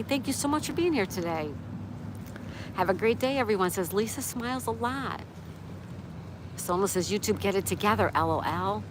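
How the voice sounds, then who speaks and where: A woman live streaming outdoors, chatting casually and reading chat messages aloud while tending her dog. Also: mid-range voice. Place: outdoors by a road in a town. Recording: outdoor stream with clear traffic noise. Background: street and vehicle noise.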